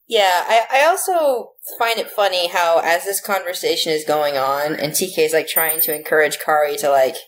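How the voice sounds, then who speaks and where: A woman guest on a casual podcast, relaxed and wry, talking with lots of "like" fillers. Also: fairly low pitch, normal speed, few pauses, low-quality recording.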